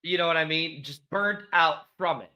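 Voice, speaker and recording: High bright guy co-hosting a football podcast, pushes his points hard, says stuff twice. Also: normal speed. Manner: emphatic, repeats points for stress. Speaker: podcast co-host. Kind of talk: casual sports talk show. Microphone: studio microphone.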